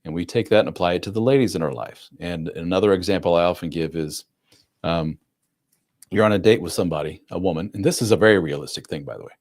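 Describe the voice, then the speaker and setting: A man's voice: deep voice, a little mellow. A man hosting a live advice stream, talking bluntly and conversationally with mild swearing, often acting out what other people say. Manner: acts out other people's lines in quick voices.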